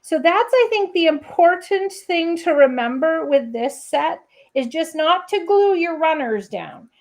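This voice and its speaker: A woman with a very high-pitched, animated voice hosts a casual papercrafting livestream at a measured pace. She chats with viewers, makes playful asides, and hums little scat tunes as she works.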